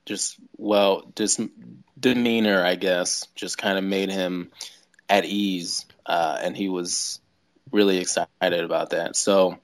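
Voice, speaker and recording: A man, a stand-up comedian talking as a podcast guest, in a low-key, hesitant way with many fillers. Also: steady tone, takes it slowly, no echo, studio quality. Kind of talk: casual interview chat.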